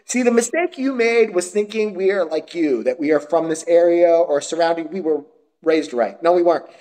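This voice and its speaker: A man's voice: fairly high pitch, normal speed, dark tone. A man co-hosting a podcast, ranting crudely and profanely in casual chat, often breaking into laughter. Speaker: podcast co-host.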